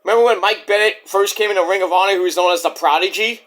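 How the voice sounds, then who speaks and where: A man's voice: high voice, quick pace, a bit bright. A man recapping a wrestling show in a casual, rambling vlog with profane asides.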